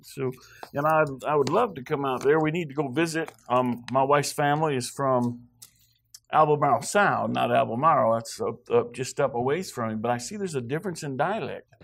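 A man's voice: mid-range voice, fairly quick. A guest preacher from Wyoming, a man rambling with joking asides in a church sermon before reading scripture.

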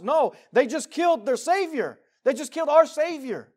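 A man preaching a sermon to his congregation, swinging between loud emphatic passages and quiet, intense rhetorical questions. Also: extremely high pitch, lively intonation, moderate pace. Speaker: pastor. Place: church meeting room.

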